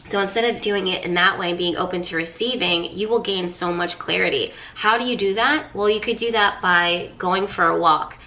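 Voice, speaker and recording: Bright-voiced woman giving an astrology reading. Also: lowish voice, normal speed, few pauses, slight background noise. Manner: earnest, coaching, repeats phrases for emphasis. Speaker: astrologer and tarot reader. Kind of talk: casual spoken astrology reading.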